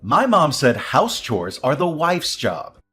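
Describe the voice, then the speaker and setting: An actor playing an entitled young husband who defers to his mother, dismissive and prone to excited outbursts. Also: a little high, slow, faint music behind, full character voice. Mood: scornful. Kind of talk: audio drama acting.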